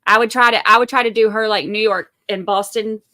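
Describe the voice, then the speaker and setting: A woman's voice: mid-range voice, fairly even intonation, fairly quick, bright, forceful tone. Southern woman host, chatty storyteller, casual commentary. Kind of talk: casual chat.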